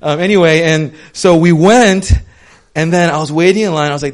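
The young preacher's voice is on the high side and brisk. Giving an informal, conversational sermon, he tells lively stories loaded with "um" and "like".

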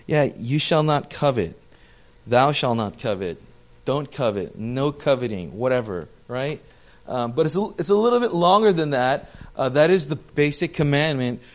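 A man's voice: medium pitch, expressive, moderate pace. A young male pastor giving a casual, chatty sermon, joking with his congregation and poking fun at himself. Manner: chatty, self-deprecating, talks with the audience.

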